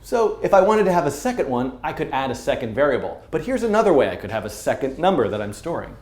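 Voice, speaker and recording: A man's voice: mid-range voice, sing-song, fast, darkish tone. A man teaching programming at a whiteboard in a casual, playful, self-mocking way, thinking aloud as he explains. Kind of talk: informal coding lesson at a whiteboard. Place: studio room with whiteboard. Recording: roomy echo.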